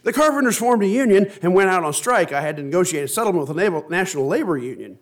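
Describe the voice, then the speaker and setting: A preacher doing a harried man pleading his case, exasperated and worn down by endless obstacles. The voice sits a little high and runs through complaint after complaint. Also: lively intonation, fast.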